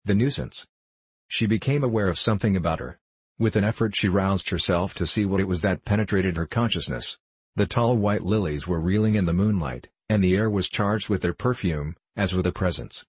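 Low, husky male audiobook narrator. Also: brisk, dry recording. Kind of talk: scripted novel narration.

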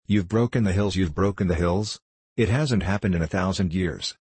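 An ancient, kindly male sprite of the hills speaks in a storybook reading, a man putting him on. The voice sits very low and a touch husky, recorded close and dry, with a playful, sing-song lilt. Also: normal speed, a little mellow, no echo. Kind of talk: audiobook character reading.

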